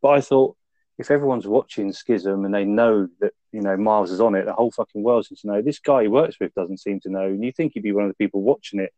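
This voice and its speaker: A man speaks fast in a fairly low, mellow voice, with no echo. He's recapping a film on a review podcast in casual chat, easygoing and heavy on the swearing, laughing as he goes through the scenes.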